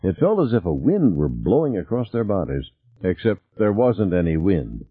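Deep husky male audiobook narrator. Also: moderate pace, no room sound. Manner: varied, expressive reading. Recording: tinny phone-like dry sound.

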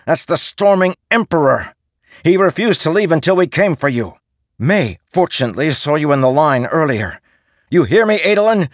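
A man voicing a blunt, gruff male soldier who is pushy and urgent, in an audiobook reading. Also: on the high side, no echo, clean studio sound, voice pushed up. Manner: loud, commanding, swears by storms.

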